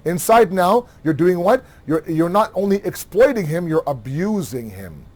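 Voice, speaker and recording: Animated male religious lecturer. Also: high voice, normal speed. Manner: animated, rhetorical questions, acts out quoted dialogue. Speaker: Muharram lecturer.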